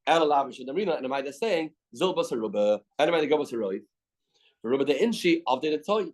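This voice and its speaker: A man with a Canadian accent teaches a daily Talmud class in a fairly high voice. He reads short Aramaic lines and then explains them in plain English. He often repeats a key phrase before moving on. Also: animated, quick pace, darkish tone, poor audio.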